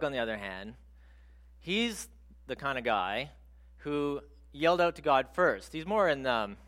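Bright-voiced man preaching conversationally. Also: medium pitch. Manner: conversational, animated storytelling with acted quotes. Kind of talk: sermon.

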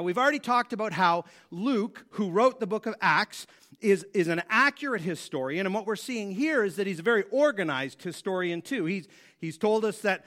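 A man's voice: sits high, pushed and bright. A man teaching a Bible lesson in a conversational way, with dry sarcastic asides. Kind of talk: Bible teaching with scripture reading.

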